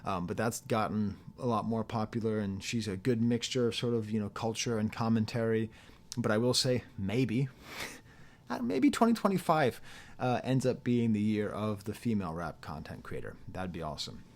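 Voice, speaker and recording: A man's voice: lowish voice, animated, moderate pace. A middle-aged man, a rap critic and academic, talking casually to camera in a chatty, digressive way with frequent laughs.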